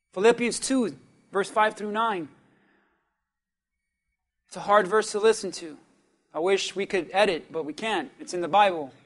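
High-voiced man preaching a lively sermon. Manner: animated preaching with call-and-response; swings from quiet asides to shouting. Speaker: pastor.

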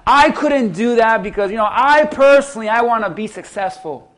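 A man's voice: extremely high pitch, expressive, normal speed, fairly bright tone. A man quoting a blunt young woman. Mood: smug.

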